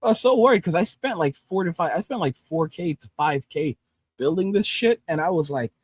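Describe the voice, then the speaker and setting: A man's voice: a little high, lively intonation, a little fast, husky, no echo. A man hosting a livestream, ranting bluntly and with heavy swearing, then reading out and answering viewer comments from his home desktop setup on a studio microphone. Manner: blunt, heavily profane, heated. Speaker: livestream host.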